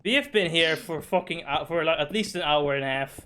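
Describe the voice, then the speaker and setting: High-voiced man, excitable and sweary. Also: a little fast, clear, resonant tone. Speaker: streamer. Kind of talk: casual gaming chat.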